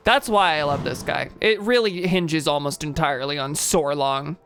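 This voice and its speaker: A woman's voice: sits low, normal speed, faint music behind. A young adult woman streamer giving casual gaming commentary with chatty, wry asides.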